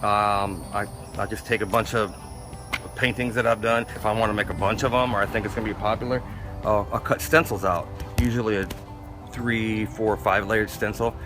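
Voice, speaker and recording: A man's voice: fairly low pitch, normal speed, music in the background. A man from Florida who works as an artist, telling stories in an interview and acting out what other people said. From Florida, USA. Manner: animated, acts out other people's lines. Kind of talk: interview storytelling.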